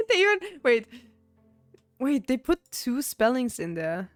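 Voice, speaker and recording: A woman's voice: on the high side, dry recording. A young woman with an Austrian German accent, chatting casually on a live stream, rambling with restarts and frequent giggles.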